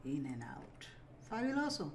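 A gaming video creator gives casual let's play commentary over a noisy background, her deep voice swinging widely in pitch at a moderate pace. She talks to herself as she plays and apologizes with little giggles.

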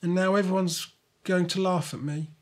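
A man voicing a determined, eager young girl in a storybook reading, lifting his voice high and excited. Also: moderate pace, natural voice. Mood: upset. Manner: excited, high-pitched girlish delivery.

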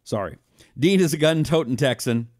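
This man, medium in pitch and a little mellow, speaks at a normal speed in an animated way as he hosts a live talk stream, reading viewers' comments and making blunt remarks in loose conversation. There's no room sound, just clean studio audio.

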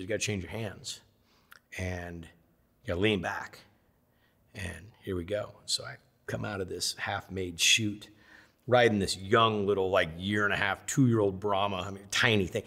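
A middle-aged man telling lively stories in a sit-down interview, acting out the voices of the people in them. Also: fairly low pitch, vocal fry. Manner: animated storyteller, acts out voices of others. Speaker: interview guest.

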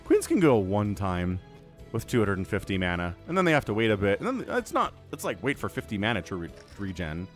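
A man's voice: fairly low pitch, wildly swooping pitch, fairly quick, faint music behind. A man casting a strategy video game on his own, chatty and full of joking asides. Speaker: game shoutcaster. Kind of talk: casual solo game commentary.

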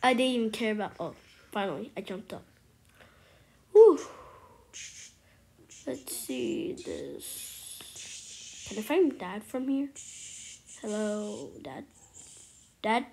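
A woman giving excitable commentary on her gameplay, exclaiming and at times whispering to her viewers. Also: mid-range voice, takes it slowly, long pauses. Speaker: gameplay streamer.

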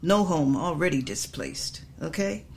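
A woman's voice: low voice, sing-song, a little slow, a little mellow, slight background noise. A woman pastor teaching from scripture in a sermon, stressing points by repeating phrases and checking in with her listeners. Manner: repetitive, emphatic teaching with frequent asides.

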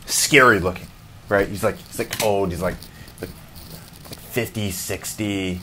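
A man's voice: lowish voice, takes it slowly, pauses often, fairly bright tone, a little hiss or hum. A man hosting a comedy podcast, ranting in a profane, rambling way and laughing often. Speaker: podcast host. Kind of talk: casual comedic rant.

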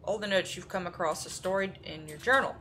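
A woman doing live commentary over a horror game, reading notes aloud and breaking off into sudden exclamations. Her voice is bright and fairly low, with faint noise underneath. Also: a little fast. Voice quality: reads aloud and reacts with exclamations. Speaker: streamer.

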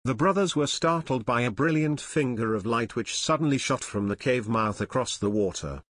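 Steady male audiobook narrator, dry close sound. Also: mid-range voice, moderate pace, dry recording. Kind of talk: scripted narration.

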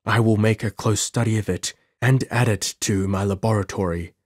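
A man's voice: lowish voice, steady tone, normal speed, no echo, studio quality, natural voice. A man voicing a cold sinister mastermind. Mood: cold, clinical. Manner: murmuring, detached, coldly clinical. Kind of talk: audiobook character voice.

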